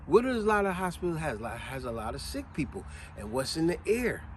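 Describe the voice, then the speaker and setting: A man hosting a casual vlog in an easygoing, explanatory way. His voice sits high and moves around a lot. He tells stories animatedly and acts out the quotes and sneezes. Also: sing-song, a little fast, slight background noise. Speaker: vlog host.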